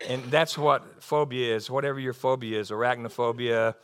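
Animated preacher man, bright voice. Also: medium pitch, normal speed, clear, resonant tone. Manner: folksy, animated storytelling with rising bursts. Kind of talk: sermon.

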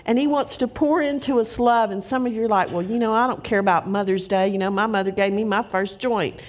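A woman's voice: mid-range voice, brisk. A middle-aged woman preaching a sermon, telling stories in an earnest, emphatic way.

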